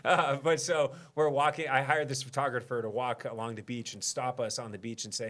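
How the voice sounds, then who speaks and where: A man's voice: mid-range voice, level tone, fairly quick, a bit bright. A man in his thirties, a mayor sitting as a guest, tells a personal story in a loose, conversational way. He pokes fun at himself and laughs easily. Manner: self-deprecating, laughs often. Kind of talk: casual interview storytelling.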